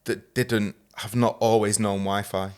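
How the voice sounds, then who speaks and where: A man's voice: lowish voice, flat delivery, unhurried, clear, resonant tone. A man hosting a podcast in casual chat, chatty and profane, telling stories in quoted voices and laughing often. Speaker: podcast host.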